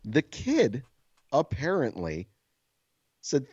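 A man's voice: on the low side, normal speed, no room sound, dull audio. A man co-hosting a podcast, telling a story in casual, profane chat and acting out the quotes. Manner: profane, animated storyteller who acts out quotes. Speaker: podcast co-host.

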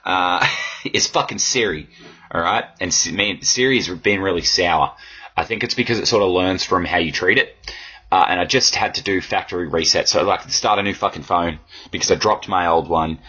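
A low-pitched man with a pushed, bright, slightly rough voice hosts a casual solo podcast from a swivel chair in a room at home. He rambles, swears freely, and pokes fun at himself. The recording is muffled.

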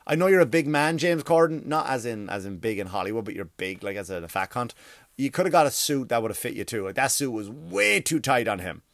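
A man delivering a profane, mocking comedic rant in a rapid-fire way. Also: mid-range voice, lively intonation, fairly bright tone, no echo, studio quality. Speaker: commentator.

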